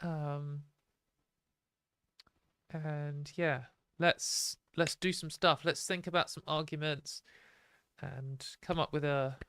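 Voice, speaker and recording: A British woman hosting a live stream, talking bluntly and opinionatedly in a casual ranting way, her voice a little hoarse. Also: low voice, steady tone, takes it slowly, long pauses, a bit bright, no echo, studio quality. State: hoarse from a fading voice.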